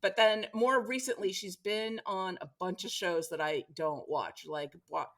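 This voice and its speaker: A woman's voice: medium pitch, unhurried, fairly bright tone. Podcast co-host, woman, mid-range voice, easy chatty delivery. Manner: chatty, listing, light laughs. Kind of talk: casual chat.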